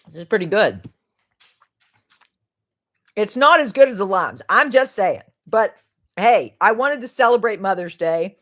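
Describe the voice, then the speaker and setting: A woman's voice: mid-range voice, sing-song, a little slow, pauses often, fairly bright tone. A middle-aged woman chats casually on her livestream as the host. She talks in a loose, rambling way, laughs often and lets her sentences trail off before starting new ones.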